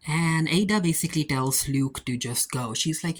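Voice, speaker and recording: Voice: medium pitch, normal speed, hardly any pauses, a little hiss or hum. A person casually recapping a TV episode, retelling scenes in a chatty way with playful paraphrased dialogue and plenty of "and I'm like". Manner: frequent fillers like "and I'm like". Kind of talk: casual spoken recap review.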